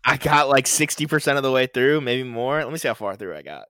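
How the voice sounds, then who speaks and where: A man's voice: medium pitch, expressive, quick pace, fairly bright tone, no echo, studio quality. A man co-hosting a podcast, chatting casually about new music, rambling with fillers and laughing as he goes. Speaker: podcast co-host. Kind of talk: casual music review chat.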